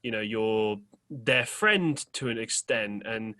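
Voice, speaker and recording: A man's voice: on the low side, takes it slowly, pushed and bright. A young man hosting a podcast, telling a rambling story in casual chat, full of fillers and casual swearing. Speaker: podcast host.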